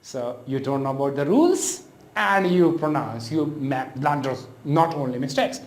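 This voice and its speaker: Pakistani English teacher, lively lecturing. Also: male voice, medium pitch, normal speed. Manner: explaining patiently with many fillers and restarts. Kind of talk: classroom lecture. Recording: echoey room.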